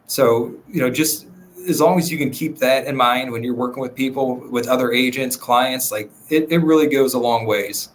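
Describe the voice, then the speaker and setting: Man, podcast guest, relaxed rambling chat, middle pitch, faint background noise. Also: moderate pace. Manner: relaxed, rambling, many fillers. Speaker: real estate agent, podcast guest. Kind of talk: casual podcast conversation.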